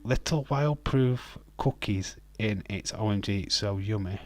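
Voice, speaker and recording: Slow-talking British man bantering. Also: lowish voice, no echo. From United Kingdom. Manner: joking, ranting banter with laughs. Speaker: livestream host. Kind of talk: casual chat answering live chat.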